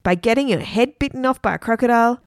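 A woman's voice: a little high, fast, no echo, studio quality, pitched above the performer's own voice, natural voice. Woman playing a bold, protective big brother. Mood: shouting. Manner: shouting, urgent.

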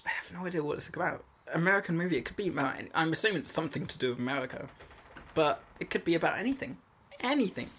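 A man's voice: a little high, animated, very fast, a bit bright, slight background noise. A man co-hosting a podcast in casual chat, playful and teasing, laughing often. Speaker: podcast co-host.

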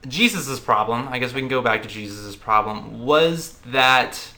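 A man co-hosting a casual podcast chat, animated and jokey, talking through questions about a TV episode. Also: mid-range voice, measured pace. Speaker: podcast co-host.

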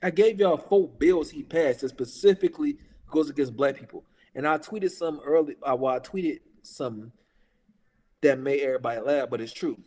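A man's voice: a little high, brisk, a little mellow, long reverb tail. Heated profane man in his thirties. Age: 30s. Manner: heated, profane, emphatic, repeats himself. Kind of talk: casual political rant.

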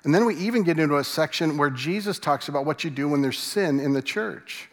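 A man's voice: on the high side, lively intonation, a little fast. A man preaching a sermon as a pastor, conversational and asking the congregation questions. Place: church sanctuary. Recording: long reverb in a large hall.

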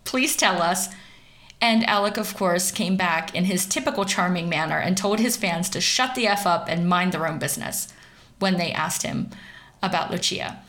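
A woman's voice: fairly low pitch, normal speed, a bit bright. Woman, young adult, sardonic gossip commentator, wry and sarcastic. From central Pennsylvania, US.

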